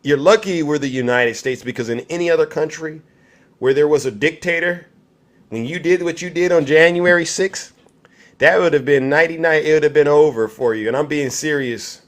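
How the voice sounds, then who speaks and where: A man's voice: on the high side, fairly quick. A man hosting a livestream, giving heated political commentary and answering his chat directly in an angry tone. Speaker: livestream host.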